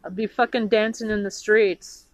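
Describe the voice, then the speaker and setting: A woman from the United States in an angry, profane political rant, indignant and halting, with many restarts. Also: mid-range voice, steady tone, no echo, low-quality recording.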